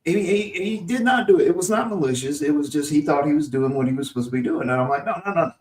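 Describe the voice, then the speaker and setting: A man's voice: fairly high pitch, quick pace, a little mellow, recorded from a distance. A man from Mississippi telling a long workplace story in casual podcast chat, with lots of restarts and chuckles. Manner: rambling anecdotes with frequent restarts and chuckles. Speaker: podcast host. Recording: roomy, set back from the mic.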